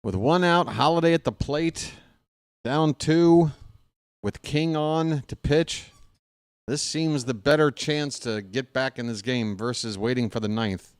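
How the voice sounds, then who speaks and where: A man's voice: medium pitch, a little slow, smooth, no room sound, studio quality. A man doing live fan play-by-play of a baseball game, chatty and joking, openly rooting for his team.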